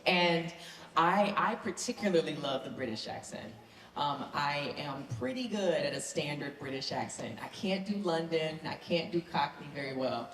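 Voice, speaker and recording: A woman from the American South, an actor answering fan questions on a convention panel in an enthusiastic, earnest way. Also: low voice. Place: large convention hall. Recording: echoey convention hall, faint noise.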